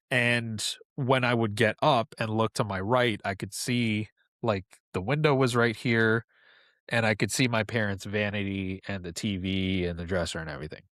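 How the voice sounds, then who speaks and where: A man's voice: lowish voice, normal speed, dry recording, clean studio sound. Laid-back man in his thirties telling stories. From New York, USA. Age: 30s. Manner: relaxed, conversational, drifts into asides. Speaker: podcast guest. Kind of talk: casual storytelling.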